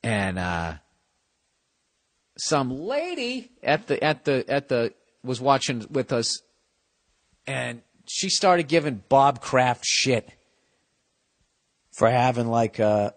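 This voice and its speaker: A middle-aged man hosting a podcast, ranting in a casual comedic way, swearing freely and swinging between loud outbursts and low mutters. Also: animated, takes it slowly, long pauses. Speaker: podcast host.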